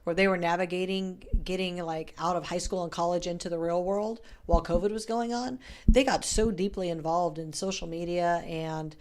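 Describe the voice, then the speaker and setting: Chatty woman podcast host, low voice. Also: steady tone, normal speed, a little mellow. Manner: chatty, candid, swears casually. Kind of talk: casual interview chat.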